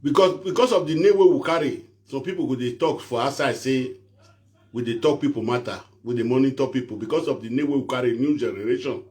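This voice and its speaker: A man's voice: mid-range voice, fast talker, darkish tone. A man from Edo State, Nigeria, speaking Nigerian Pidgin English, hosting his own show as a self-styled prophet in a pleading, preachy, rambling monologue to his viewers.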